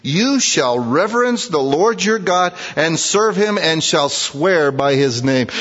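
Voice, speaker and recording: A man with a fairly high voice preaches a sermon, lively and animated, acting out prayers as he goes. The sound is a little muffled and lo-fi. A long reverb trails behind him from a large hall. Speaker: pastor.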